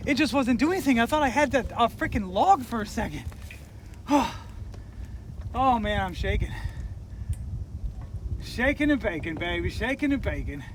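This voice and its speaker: Excited high-voiced man. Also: measured pace, long pauses, a little hiss or hum, rough recording. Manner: hyped and exclamatory, keeps shouting "heck yeah, baby". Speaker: fishing vlogger. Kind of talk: excited play-by-play while fishing. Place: outdoors on a kayak on open water. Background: loud background music.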